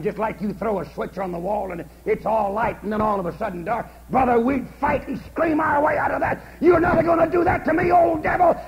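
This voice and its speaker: A man preaching a holiness revival sermon at a camp meeting, swinging from hushed storytelling to shouted fervor. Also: high-pitched, gravelly, slight background noise, poor audio. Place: large camp meeting service.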